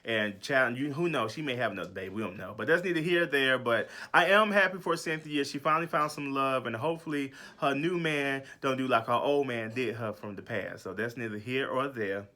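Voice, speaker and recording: A man's voice: medium pitch, fairly quick, few pauses, sharp tone. A man hosting a casual TV recap show, chatty and gossipy with sassy asides.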